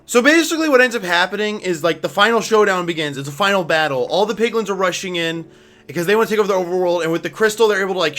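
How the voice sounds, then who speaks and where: A young man reviewing a film in an exasperated, sarcastic rant, with loud shouting outbursts. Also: high voice. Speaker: video reviewer. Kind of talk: ranting commentary.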